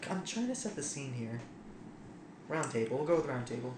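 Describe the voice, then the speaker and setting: A man's voice: medium pitch, big pitch swings, a little fast, echoey room, noisy background. A man co-hosting a casual podcast chat, rambling and hesitant with many fillers.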